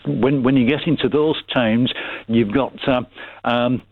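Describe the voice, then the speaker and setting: A man's voice: mid-range voice, steady tone, a little slow, no echo. A man with a Burnley Lancashire accent calling into a radio phone-in, hesitant, with many fillers and restarts. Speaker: radio caller. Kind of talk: casual phone-in chat. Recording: tinny phone line, dry.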